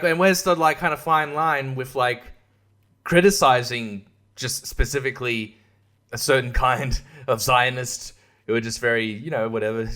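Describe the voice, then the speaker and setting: An Australian podcast host and comedian rants through a casual monologue full of profanity and sarcasm, laughing often. His voice is on the high side with a fairly bright tone.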